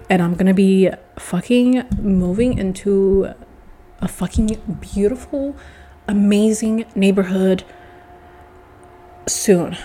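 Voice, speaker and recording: A woman's voice: medium pitch, mellow. A woman ranting to the camera in a casual vlog, swearing often and sounding exasperated. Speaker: vlogger.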